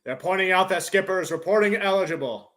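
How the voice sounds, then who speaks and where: High-voiced excitable male sports fan. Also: quick pace. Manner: excitable, bursts into loud cheers. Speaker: live stream host. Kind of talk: fan play-by-play reaction.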